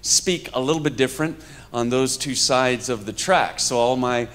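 A man's voice: mid-range voice, moderate pace, a bit bright. A man in his fifties from New York, preaching a conversational sermon with humor and stories, talking to a live audience. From New York, USA. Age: 50s. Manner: humorous, storytelling, addresses the audience. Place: church hall with a live audience.

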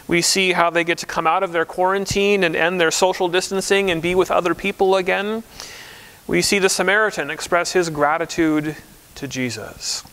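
Guy pastor giving a chatty sermon, smooth clear voice, a bit on the high side. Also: fairly bright tone. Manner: conversational storytelling. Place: church.

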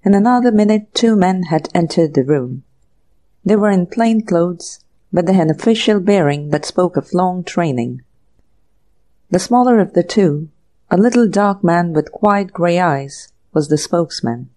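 A woman narrating an audiobook mystery in a slow, measured reading. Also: on the low side, animated, dark tone.

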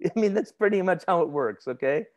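A man's voice: sits high, lively intonation, brisk. A man teaching a grammar lesson in a conversational way, asking his students questions and laughing easily. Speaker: instructor. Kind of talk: classroom grammar lecture.

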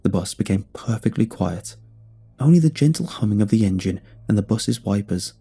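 A man telling a first-person horror story in measured scripted narration. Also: fairly low pitch, lively intonation, gravelly, dark tone, husky. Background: faint music.

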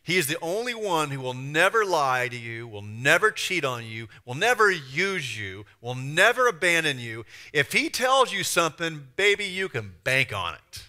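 A man pastor preaching a sermon, emphatic and conversational, swinging from loud stressed points to quiet asides. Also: a little high, very animated, moderate pace, hardly any pauses.

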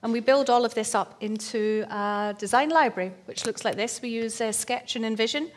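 A woman's voice: on the high side, moderate pace. Woman giving a design conference talk. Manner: explanatory, with fillers and light wordplay. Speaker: conference speaker. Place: conference stage.

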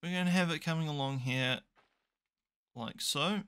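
A man's voice: fairly high pitch, normal speed, a bit bright, smooth. A young man commentating a management game, chatty and thinking aloud with dry, self-mocking asides. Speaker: gaming YouTuber. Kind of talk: casual let's play commentary.

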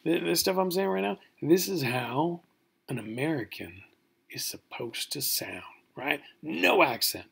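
A man's voice: a little high, animated, a little slow, creaky, fairly bright tone, husky. A man from California with a Californian accent, giving a recorded college lecture in a joking, mock-outraged way and often asking "right?".

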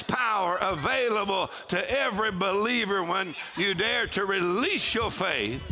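A man, preaching a sermon with shouted exclamations and call-and-response to his congregation. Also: high voice, expressive, measured pace, hardly any pauses, some chatter behind. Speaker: pastor. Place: church auditorium with congregation.

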